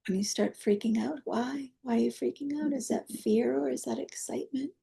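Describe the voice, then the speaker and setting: A woman teaching energy healing. She leads a guided meditation in a soft, coaxing way, with prayer-like invocations. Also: on the high side, normal speed, creaky.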